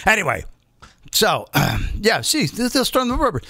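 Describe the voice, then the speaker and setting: A middle-aged man, a comedian hosting his own show, delivering an animated, profane, sarcastic comedic rant. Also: high-pitched, normal speed, gravelly, slightly rough, no echo, studio quality. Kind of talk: ranting comedic monologue.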